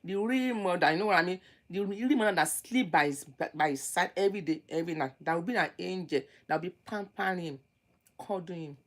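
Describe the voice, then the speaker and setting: Woman, lowish voice, preachy advice, emphatic, repeats phrases, loud-to-quiet swings. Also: fairly quick. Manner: swings between loud outbursts and low muttering. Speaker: relationship advice vlogger. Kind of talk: lecturing advice monologue.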